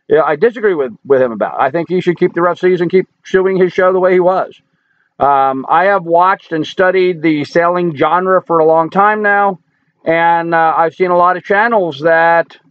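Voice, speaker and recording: A man's voice: fairly high pitch, dry recording. An older man hosting a casual live stream from a boat cabin, rambling and answering viewers' chat. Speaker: livestream host. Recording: dull lo-fi stream audio.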